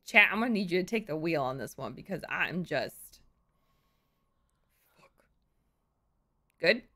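A woman streaming a horror game, panicking out loud, swearing, repeating herself and dropping to whispers. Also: on the low side, lively intonation, unhurried. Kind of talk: live horror game commentary.

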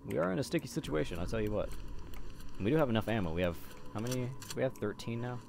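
A man's voice: medium pitch, lively intonation, quick pace, creaky, noisy background. A young man commentating a horror game, jumpy and swearing when scared. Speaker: gameplay commentator.

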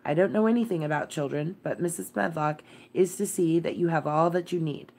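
Miserable, distracted gentleman guardian, weary and fretful, voiced by a low-voiced woman. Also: fairly quick, creaky. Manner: worried, absent-minded and weary.

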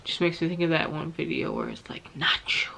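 A woman's voice: low voice, flat delivery, brisk, creaky. Gushing young woman book vlogger. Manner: gushing, profane, jokey. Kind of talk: casual reading vlog chat.

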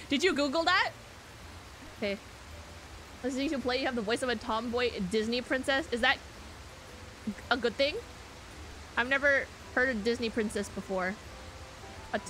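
A woman's voice: sits high, animated, moderate pace, pauses often, bright, forceful tone, soft background music. A young woman streaming a game, reacting jumpily, swearing, shrieking and reading chat aloud. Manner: jumpy, swears a lot, frequent shrieks.

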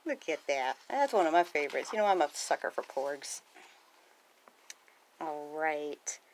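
A woman with a deep voice reads a picture book aloud casually and a little slowly, chatting between pages. She often laughs and gasps and gives the characters lively lines. There's slight background noise.

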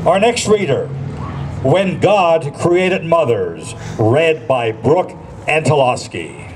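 Lively man emceeing a school program. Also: a little high, background noise. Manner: reads out entries and names in a brisk public-address way.

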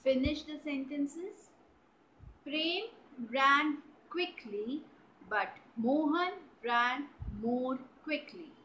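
A woman with an Indian English accent teaching grammar to children, spelling out words and often checking with "right?" and "clear?". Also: sits high, drawn-out words, fairly bright tone, slight background noise, rough recording. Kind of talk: slow, deliberate grammar lesson for children.

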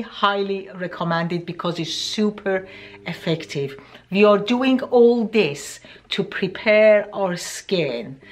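A woman with an accent, chatting unhurriedly through a beauty product review with plenty of ums. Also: fairly low pitch. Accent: non-native English accent. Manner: chatty and deliberate, many ums. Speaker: beauty vlogger.

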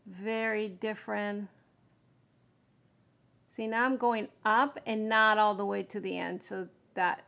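Woman beauty vlogger, slow and gravelly, chatting through her eye makeup. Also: mid-range voice, pushed and bright. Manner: chatty, explaining steps while applying makeup. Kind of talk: casual makeup tutorial chat.

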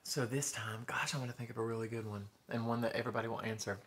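A man's voice: mid-range voice, fairly even intonation, fast talker, fairly bright tone. A man, chatting casually to camera while he eats in a home eating show. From Tennessee. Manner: chatty, talks while eating, drawling "y'all". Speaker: mukbang vlogger.

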